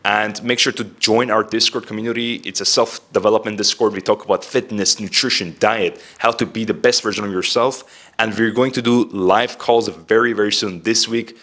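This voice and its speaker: A man's voice: lowish voice, fairly even intonation, normal speed, a bit bright. A young man giving casual self-improvement advice in a direct, chatty way, saying "like" and "bro" a lot. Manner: direct, heavy use of "like" and "bro".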